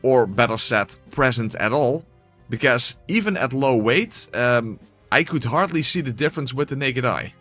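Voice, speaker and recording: A man's voice: medium pitch, animated, moderate pace, a bit bright, soft background music. A man giving casual gameplay commentary and voice-over narration, exclamatory, swearing, with wry asides.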